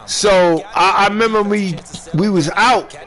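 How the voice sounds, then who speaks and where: An older man from Brooklyn with a New York accent, chatting casually and telling animated, slang-heavy stories while he plays a video game. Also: high voice, a little slow, faint music behind. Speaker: gamer streaming online play. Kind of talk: casual chat while gaming.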